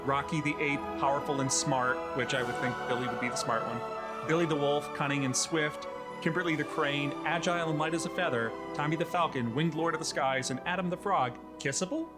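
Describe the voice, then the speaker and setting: A man's voice: fairly high pitch, steady tone, a little fast, loud music behind the voice. A man co-hosting a casual movie podcast, recapping scenes with jokes and frequent laughs. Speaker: podcast co-host. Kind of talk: casual movie commentary chat.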